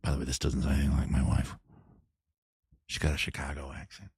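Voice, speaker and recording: A man's voice: a bass voice, monotone, quick pace, gravelly. A man hosting a casual music and drinking show, rambling through self-mocking jokes between songs. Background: guitar music.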